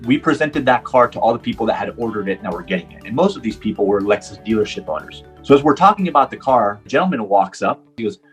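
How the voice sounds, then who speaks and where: A man's voice: on the low side, fast, few pauses, soft background music. A middle-aged man from Puerto Rico who is a professional driver, telling a personal story in an interview and acting out the dialogue. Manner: animated storyteller, acts out quoted dialogue.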